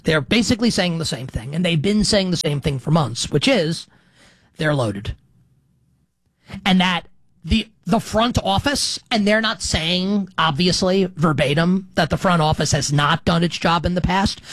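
A man's voice: sits high, fairly bright tone, no echo. A middle-aged man hosting a sports betting show, talking in a rambling, self-correcting, conversational way. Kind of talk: casual sports talk monologue.

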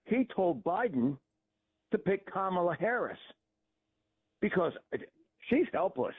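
A man's voice: sits high, big pitch swings, takes it slowly, husky. Rambling male caller on a phone line. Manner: rambling, opinionated, hesitant restarts. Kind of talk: phone-in call. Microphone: telephone.

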